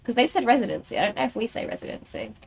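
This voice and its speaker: Talking very fast, a young British gamer rambles through casual stream chat packed with fillers. Her voice sits on the high side, gravelly yet a little mellow, with a bit of hiss or hum in the background.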